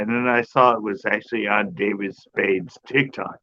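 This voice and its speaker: A chatty man with a bright, forward voice tells stories with plenty of laughs and loose swearing. The sound is a bit dull and lo-fi, with a faint hiss behind him. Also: mid-range voice, normal speed. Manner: chatty, laughs often, animated storyteller, swears. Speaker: channel host. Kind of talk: casual chat.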